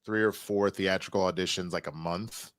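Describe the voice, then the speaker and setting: A man hosts a live stream in a relaxed, chatty way, his sentences trailing off and starting over. His voice is smooth and resonant. The sound is dry and close. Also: low voice, normal speed, no room sound. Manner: loose, chatty, trails off and restarts. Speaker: show host. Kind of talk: casual live-stream chat.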